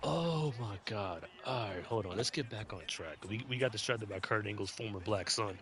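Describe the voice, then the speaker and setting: A man's voice: on the low side, expressive, normal speed, noisy background. A man co-hosting a casual wrestling podcast, bantering with slang and laughing asides. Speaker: podcast co-host. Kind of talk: casual wrestling review chat.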